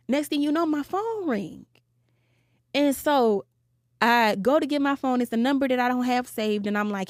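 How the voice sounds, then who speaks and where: A woman's voice: on the high side, brisk, no echo, studio quality. Blunt, profane young woman. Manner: blunt and profane, animated retelling with quoted voices. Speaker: podcast guest telling her story. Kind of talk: candid storytelling, casual podcast chat.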